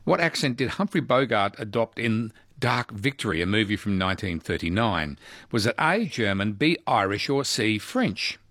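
A man hosts a radio quiz, chatting with callers in an easygoing way. His voice rises and falls with lively intonation. The sound is dry and close. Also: lowish voice, normal speed, no room sound.

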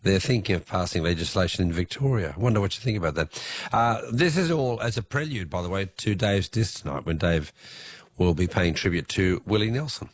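A man hosting a radio phone-in quiz, chatty and quick to laugh. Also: low-pitched, animated, slight background noise. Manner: chatty, laughs easily, stumbles a little.

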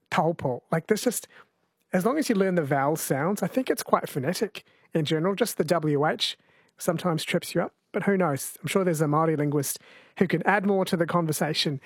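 A man's voice: a little high, husky, no room sound, clean studio sound. A man hosting a radio show, chatting casually and thinking aloud. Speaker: radio host.

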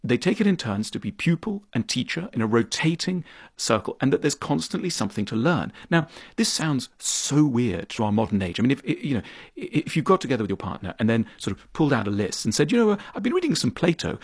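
A man being interviewed as an author, explaining his ideas in conversation, animated and thoughtful, acting out little scenes as he goes. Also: fairly quick, slightly rough, dry recording, clean studio sound. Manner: animated, acts out quoted voices with big pitch jumps; thoughtful, explanatory, repeats words when starting a point.

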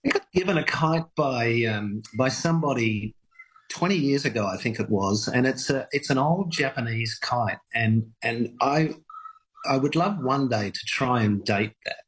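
A man being interviewed on radio about his kite work, talking in a halting, reflective way with many repeated words. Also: mid-range voice, lively intonation, a bit bright, slightly rough, poor audio. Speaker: kite workshop owner, radio guest.

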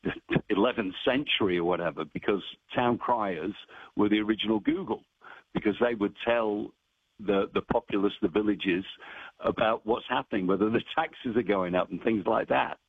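A man's voice: lowish voice, moderate pace, slightly rough, no room sound. A man working as a town crier, chatting animatedly in a radio phone interview. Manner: chatty, animated, bursts into bellowed cries. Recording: dry tinny phone line.

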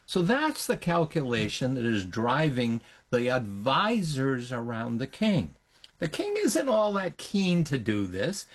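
A middle-aged man, a history professor, giving lively explanatory answers in an interview. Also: medium pitch. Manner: animated, acts out historical voices in quotes.

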